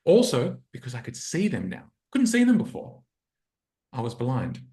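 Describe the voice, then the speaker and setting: His pitch swoops wildly around a mid-range voice, delivered at a moderate pace with a dark tone. The man, a relationship coach, earnestly reflects on a personal story for a podcast interview and acts out his inner dialogue, all in a roomy, echoing recording.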